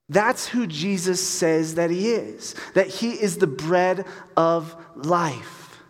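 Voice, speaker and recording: A man preaching a casual sermon as pastor, animated and acting out voices in his stories. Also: high voice, slow pace. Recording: long hall reverb.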